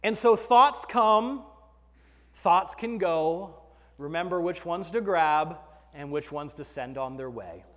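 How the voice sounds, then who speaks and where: A man's voice: high voice, in a large hall. A man preaching a sermon to his congregation in a conversational way, joking with the people in the pews. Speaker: pastor. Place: church sanctuary.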